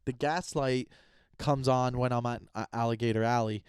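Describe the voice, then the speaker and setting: A man's voice: mid-range voice, fairly even intonation, normal speed, darkish tone, clean tone, dry recording, clean studio sound. Rambling, self-mocking young man riffing solo. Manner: rambling, self-deprecating, with frequent cursing and acted-out quotes. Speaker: podcast host and comedian. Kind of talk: casual solo podcast monologue.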